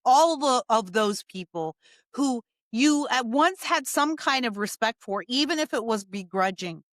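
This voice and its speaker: Speaking at a measured pace with lively intonation, this political commentator has a slightly high voice and no echo around her. She delivers an opinion monologue emphatically and with sarcasm, hammering points through repetition.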